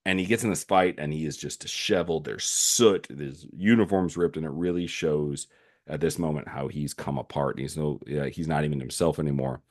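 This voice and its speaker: A man's voice: a bass voice, normal speed. A man hosting a solo commentary podcast, recapping a series animatedly with frequent fillers and restarts. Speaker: podcast host.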